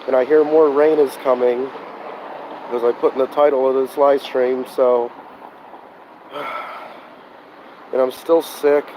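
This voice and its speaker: Sick guy ranting on a livestream by his car at night, hoarse, dark voice, swearing a lot, faint street noise. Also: on the high side, poor audio. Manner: frustrated, swearing, sighing, burnt out. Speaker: live streamer. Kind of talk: live-stream vlog, talking to chat. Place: outdoors beside a car at night.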